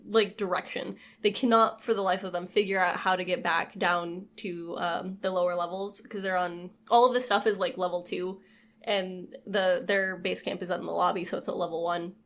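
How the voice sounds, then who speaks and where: Woman, podcast co-host, casual film recap, animated retelling, mid-pitched voice. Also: moderate pace. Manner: animated retelling, acts out quotes, swears freely.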